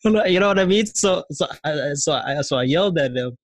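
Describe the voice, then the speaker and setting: Slangy, animated man in a dry mic. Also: fairly high pitch, brisk, no room sound. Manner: animated storyteller, slangy, many fillers. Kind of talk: casual chat.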